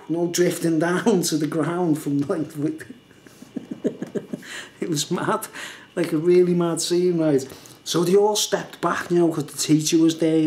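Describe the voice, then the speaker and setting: A man's voice: a little high, darkish tone, echoey room. A man telling a story in a rambling, casual way, laughing often and filling gaps with "like" and "you know". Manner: rambling, laughing often, heavy use of fillers. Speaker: vlogger.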